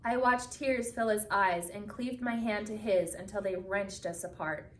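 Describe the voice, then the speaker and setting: A woman reading a picture book aloud with expressive storytelling, slowing down for the solemn moments. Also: mid-range voice, a little hiss or hum. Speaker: reader. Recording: echoey room from a distance.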